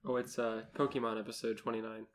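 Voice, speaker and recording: A man's voice: lowish voice, level tone, fast, a crowd in the background. A man co-hosting a podcast in casual chat, laughing often. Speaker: podcast co-host.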